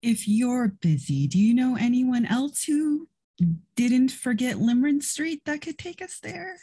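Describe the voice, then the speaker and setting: Casting: player, woman, husky and warm, lively inquisitive delivery. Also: sits high, a little slow. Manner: inquisitive, many questions. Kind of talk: tabletop role-play.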